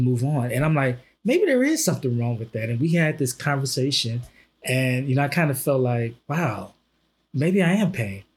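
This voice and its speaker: A man co-hosting a podcast, talking in a casual, earnest and halting way, with many restarts as he works through his thoughts. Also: on the high side, breathy edge. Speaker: podcast co-host. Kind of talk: casual discussion.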